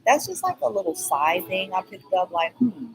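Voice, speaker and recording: A woman's voice: medium pitch, very animated, normal speed, vocal fry, faint music behind, low-quality recording. Woman vlogging a long rambly story, keeps going "okay?" and "blah blah", chatty. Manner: skips details with "blah, blah".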